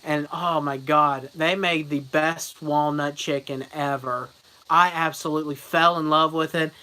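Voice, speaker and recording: Bright-voiced young man telling rambling stories. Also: on the high side, steady tone, a little slow, low-quality recording. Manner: rambling, laughs often, breaks into loud mocking voices. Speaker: vlogger. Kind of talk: casual storytelling vlog.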